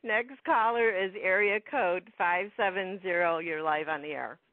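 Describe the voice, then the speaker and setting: A man's voice: high voice, dry recording. A man hosting a call-in radio show, taking callers in an easygoing way. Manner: slow, easygoing, laughs along. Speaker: radio host. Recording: dry tinny phone-like audio.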